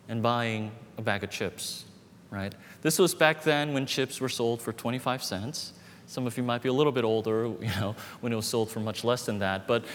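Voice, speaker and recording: Man preaching in a reverberant hall. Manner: storytelling, animated with dips to quiet. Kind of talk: sermon. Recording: reverberant hall with faint rumble.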